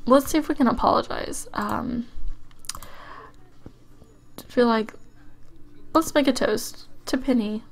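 A woman talking through her game in a loose, chatty way, thinking out loud and trailing off into ums. Her voice sits a touch high and carries a gravelly fry at the ends of phrases. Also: slow, pauses often. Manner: chatty, musing aloud with frequent ums and likes. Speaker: let's play host. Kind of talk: casual gameplay commentary.

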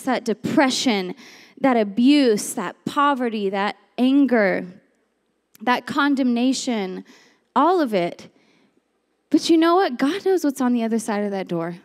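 A young woman giving a chatty, animated sermon, telling a story and acting out the voices in it. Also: a little high, in a large hall. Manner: lively, chatty, acts out voices in her story. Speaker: speaker at a women's church series.

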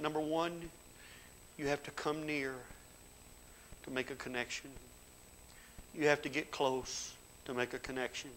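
A middle-aged man preaching a sermon in a church. He tells folksy stories in plain grammar and builds to loud, fervent exhortation. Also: on the high side, flat delivery, unhurried, long pauses, slight background noise, poor audio. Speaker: pastor. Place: church sanctuary.

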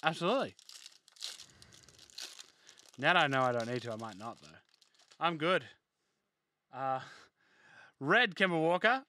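A man's voice: fairly high pitch, animated, measured pace, pauses often, bright, forceful tone. A young man hosting a live card break, reading off player names and chatting casually with viewers.

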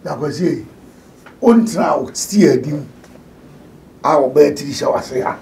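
A man's voice: on the high side, moderate pace, warm tone. A man hosting a casual chat, telling stories animatedly and mixing Twi and English. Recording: distant mic with faint noise.

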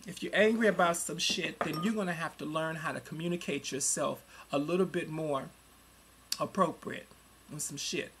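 A gravelly, creaky-voiced person in their forties rants into a home computer mic, cursing hard. The voice jumps from heated shouting down to low, grumbling asides, and there is faint noise underneath. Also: normal speed. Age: 40s. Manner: profane and heated, swinging between loud outbursts and low muttering. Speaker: vlogger. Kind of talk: angry webcam rant.

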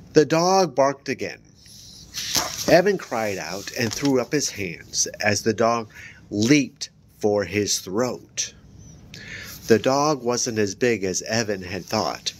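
A man with a fairly low voice reads a children's horror book aloud. He lifts his voice higher and louder for the characters' lines, then sinks back down for the narration tags. A faint low rumble sits behind the recording. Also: animated, slow pace. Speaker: book reader.

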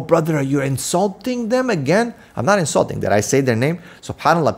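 A man's voice: a little high, slightly rough. A man giving an impassioned preaching monologue as an Islamic preacher, scolding his listeners and firing off rhetorical questions.

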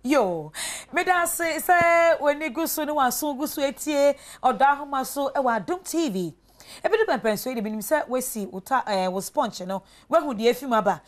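A woman hosting a television talk show, asking lively, probing questions. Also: high-pitched, brisk. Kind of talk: Twi-language TV talk show.

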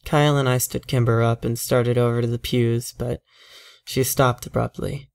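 A man's voice: medium pitch, little pitch movement, creaky, a little mellow. Man reading a horror story aloud. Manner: measured, tense, first-person storytelling. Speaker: narrator.

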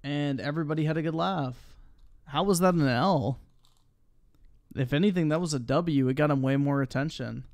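A man's voice: a little high, moderate pace, long pauses, a little mellow, no echo. A man reacting live to a commentary video, blunt, scornful and swearing constantly. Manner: blunt, scornful and heavily profane.

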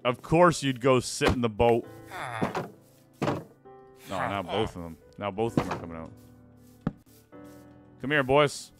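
A man's voice: medium pitch, lively intonation, measured pace, pauses often, music in the background. A man live-streaming a video game, chatting casually and playfully with his viewers. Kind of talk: live gaming stream chat.

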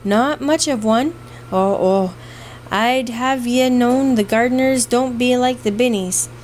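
A woman's voice: on the high side, slow, darkish tone, slight background noise, poor audio. A woman voicing a fond, scolding old housekeeper with an Irish brogue, read in a storybook. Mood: coaxing.

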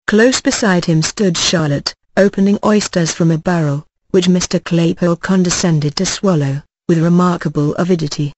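An audiobook narrator reading a classic novel in a measured, formal way. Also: medium pitch, darkish tone, dry recording, rough recording.

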